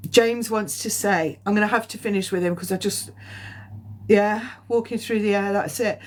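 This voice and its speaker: Woman, spiritual medium, unhurried, rambling, keeps coughing, mid pitch. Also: slight background noise. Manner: slow, rambling, with frequent ums and coughs; emotional, near tears at times. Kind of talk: live-streamed psychic reading.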